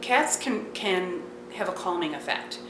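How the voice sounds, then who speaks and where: A woman's voice: lowish voice, lively intonation, measured pace. Woman explaining cats earnestly, noise in back, echoey room. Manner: earnest, explanatory, some fillers. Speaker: interviewee on cat care. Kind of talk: documentary interview.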